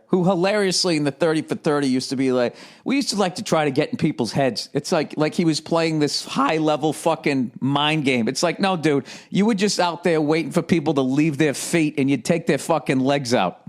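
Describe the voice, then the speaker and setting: Profane, animated man ranting solo. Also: a little high, normal speed, few pauses. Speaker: comedian and podcast host. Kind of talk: casual rant.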